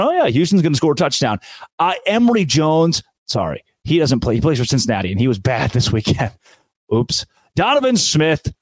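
A man's voice: a little high, dry recording. A man hosting a sports podcast, ranting with sarcasm and hyperbole in an opinionated, fired-up way.

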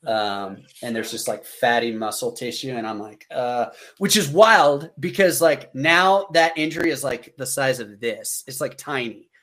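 A man's voice: mid-range voice, a little slow, hardly any pauses. American man telling a war story. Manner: animated, acts out quoted dialogue, frequent fillers. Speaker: podcast guest, combat veteran. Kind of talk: casual storytelling.

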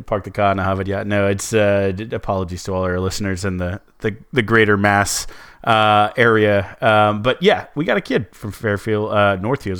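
A man's voice: on the low side, fairly bright tone, clear, resonant tone. A man co-hosting a casual sports podcast, rambling with many restarts and fillers. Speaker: co-host.

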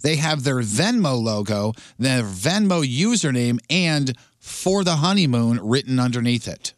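A man's voice: mid-range voice, expressive, a little slow, dry recording, clean studio sound. A man co-hosting a radio talk show, reading listener messages aloud and chatting casually. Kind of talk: casual chat.

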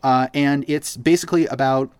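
A man's voice: medium pitch, fairly even intonation, normal speed, clean tone, no room sound. Easygoing male podcast host, dry sound. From Boston. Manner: enthusiastic, filler-heavy recommending. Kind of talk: casual chat.

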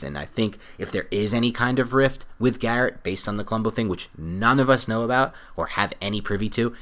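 Male podcast co-host, deep nasal voice, casual and talkative, explains things at length. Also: bright, forceful tone. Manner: chatty, explains at length, teasing laughs.

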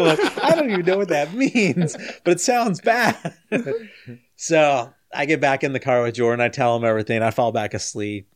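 A man casually telling a story as a guest. He jumps higher and louder when he quotes people, laughs as he goes, and turns soft and low as he winds down. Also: expressive, normal speed.

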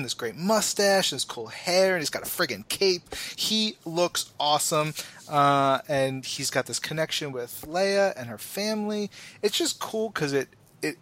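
A man's voice: on the high side, fairly bright tone. A man co-hosting a podcast in casual chat, enthusiastic and rambling with many fillers. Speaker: podcast co-host.

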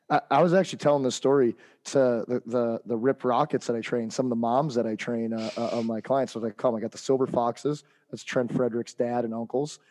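A man's voice: medium pitch, a little mellow. A man co-hosting a hockey podcast, telling a heated coaching story in casual chat with lots of fillers and restarts.

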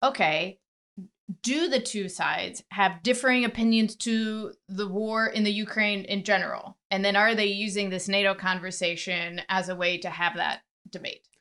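Woman cohost, clear smooth voice, short straight answers. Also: mid-range voice, steady tone, normal speed, sharp tone. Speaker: guest host. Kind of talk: casual political chat.

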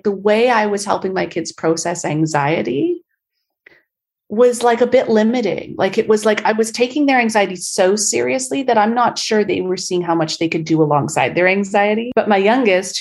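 Chatty woman from Canada. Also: fairly low pitch. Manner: chatty, filler-heavy storytelling. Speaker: guest. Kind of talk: casual interview conversation.

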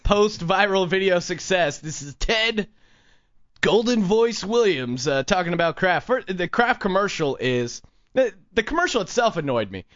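A man with a high, sharp voice riffs and mocks as a comedic podcast host, laughing often. His voice has a bright, forceful edge. The recording sounds dull and lo-fi. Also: sing-song, normal speed. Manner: mocking, riffing, laughs often. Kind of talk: casual comedic commentary.

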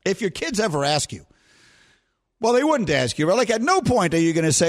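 A middle-aged man hosting a sports radio show, telling a rambling, animated story and chatting with his co-hosts. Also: high-pitched, a little fast. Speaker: radio host. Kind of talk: casual chat on sports radio.

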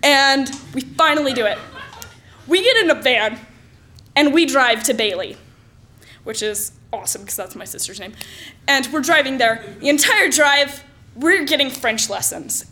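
A woman telling a personal story aloud in a lively, self-mocking way with lots of exaggeration. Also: on the high side, unhurried.

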